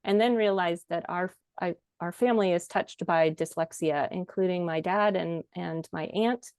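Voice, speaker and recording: Smooth-voiced woman in her fifties. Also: fairly low pitch, normal speed, a little mellow, no echo, clean studio sound. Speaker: literacy trainer. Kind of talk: panel introduction.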